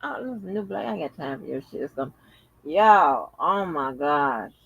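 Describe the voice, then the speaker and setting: A man's voice: a little high, big pitch swings, moderate pace, vocal fry, fairly bright tone, slightly rough, no echo, muffled recording. Chatty, profane man hosting a vlog. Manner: chatty, profane, exclamatory, addresses viewers as y'all. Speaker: channel host. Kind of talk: casual vlog commentary.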